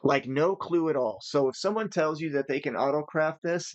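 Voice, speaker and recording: A man's voice: on the high side, normal speed, few pauses, dry recording, lo-fi sound. A tired man giving casual, rambling commentary while playing a modded building game, thinking aloud as he goes. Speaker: gaming channel host.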